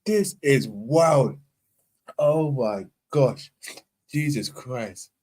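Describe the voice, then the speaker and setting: A man's voice: medium pitch, lively intonation, very slow, darkish tone. A man on a live stream panel, laughing to tears with a runny nose, exclaiming and cursing between fits of laughter.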